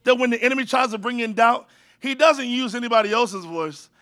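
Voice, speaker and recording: A pastor delivers his sermon in a high, bright voice. He calls out to the congregation to answer him and to repeat his words back. The sound is dry and close. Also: a little fast, dry recording. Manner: energetic preaching, call-and-response with the congregation; jokey asides to the crowd.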